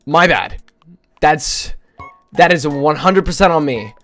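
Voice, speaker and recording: A man's voice: fairly high pitch, animated, slow, fairly bright tone, faint music behind. A male streamer chatting casually with his viewers, rambling, joking, swearing and poking fun at himself. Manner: rambling, joking, profane, self-mocking.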